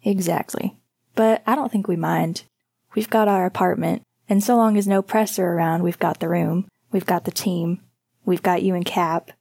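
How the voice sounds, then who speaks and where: A gentle, teasing young hockey goalie, voiced by a woman reading an audiobook. The voice sits low and gravelly, with a husky, darkened tone. He talks softly and earnestly. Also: steady tone, normal speed, no room sound, clean studio sound. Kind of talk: audiobook character voice.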